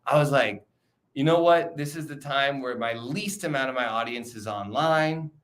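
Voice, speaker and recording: A man's voice: mid-range voice, moderate pace, fairly bright tone. A young man chatting casually on a livestream, loose and profane, rambling with frequent restarts. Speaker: streamer.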